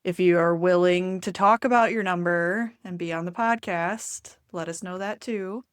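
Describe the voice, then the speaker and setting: A woman co-host chatting casually on a podcast, upbeat and quick to laugh. Her voice sits fairly low and the recording is dry and close. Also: clear, resonant tone, no echo. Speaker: podcast co-host and enneagram coach. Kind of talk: casual chat.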